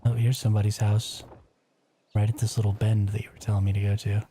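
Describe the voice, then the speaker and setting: A man's voice: on the low side, flat delivery, fairly quick, warm tone, a little hiss or hum. A man streaming a survival game live, chatting casually, reacting aloud and answering his viewers. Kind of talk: casual live gameplay commentary.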